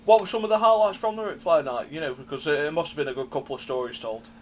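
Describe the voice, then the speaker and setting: A man's voice: fairly high pitch, fast talker, slight background noise. Man hosting, asking questions. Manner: laughs often, steers the talk with questions. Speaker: podcast co-host. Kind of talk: casual chat.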